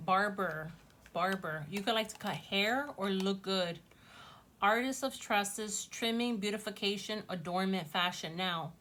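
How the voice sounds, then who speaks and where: A woman's voice: medium pitch, fairly bright tone, a little hiss or hum. A woman casually chatting to viewers as she gives a tarot reading, gushing and talking straight to her audience. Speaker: tarot reader.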